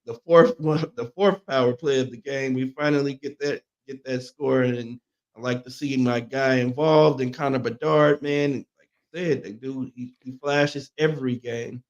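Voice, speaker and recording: A man's voice: medium pitch, steady tone, moderate pace. Easygoing male co-host, dull lo-fi sound. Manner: easygoing, agreeable, chimes in with backing remarks. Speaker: sports talk co-host. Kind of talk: casual sports talk.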